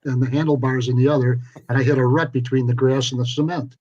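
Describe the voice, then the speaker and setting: A man's voice: medium pitch, fairly even intonation, fast, warm tone, highs cut off. An older man co-hosting sports radio, telling stories in a dry, wry way. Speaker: sports reporter and co-host. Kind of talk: casual sports radio chat.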